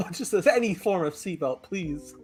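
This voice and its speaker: A man hosting a podcast, telling stories casually in an animated, joking way. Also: high voice. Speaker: podcast host. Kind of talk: casual chat.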